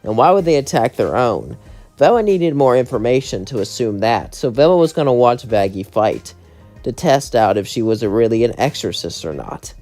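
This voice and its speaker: A man's voice: medium pitch, sing-song, normal speed, darkish tone, soft background music. A man narrating a fan-fiction story in a casual, run-on storytelling way.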